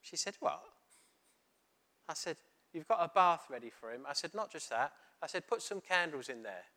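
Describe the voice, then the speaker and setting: A man's voice: fairly high pitch, moderate pace. A middle-aged man giving a sermon, telling a story and acting out the dialogue. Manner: storytelling, animated, retelling dialogue. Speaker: preacher.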